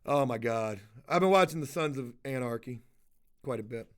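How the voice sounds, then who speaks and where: A man with a mid-range voice at normal speed tells a casual story during a live stream. Animated and foul-mouthed, he keeps interrupting himself to call out people in the chat.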